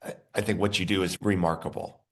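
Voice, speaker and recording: A man with a very deep voice hosts an interview. He mostly listens, adding brief affirming remarks and summing up his guest's work. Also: fairly even intonation, fast, a bit bright. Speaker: podcast host.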